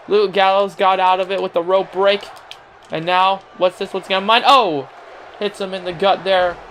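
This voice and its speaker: High-voiced young man calling wrestling. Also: a bit bright, a little hiss or hum. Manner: mock announcer tone with laughing asides. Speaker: game commentator. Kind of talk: casual play-by-play wrestling commentary.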